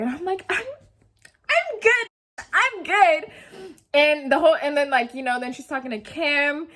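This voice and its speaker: A young woman in her twenties telling a story in a rambling, slangy, casual way, full of "like" and swearing. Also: mid-range voice. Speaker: vlogger. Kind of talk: casual story-time chat.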